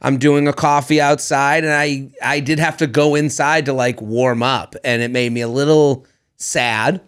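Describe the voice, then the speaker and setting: A man's voice: medium pitch, normal speed, clean tone. A man in his thirties co-hosting a podcast in casual chat, telling stories and acting out quotes. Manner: animated storyteller, acts out quotes. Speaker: podcast co-host.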